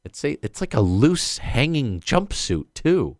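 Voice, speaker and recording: A man's voice: medium pitch, big pitch swings, measured pace, darkish tone, no echo, clean studio sound. A man co-hosting a podcast, trading crude jokes and laughing often in casual chat. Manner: crude joking, frequent laughter. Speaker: podcast co-host.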